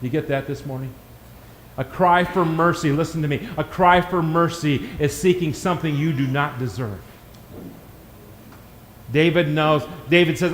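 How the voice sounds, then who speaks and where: A man preaching a sermon in a church, swinging from shouted climaxes to hushed, quick asides. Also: fairly high pitch, in a large hall, slight background noise. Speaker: pastor.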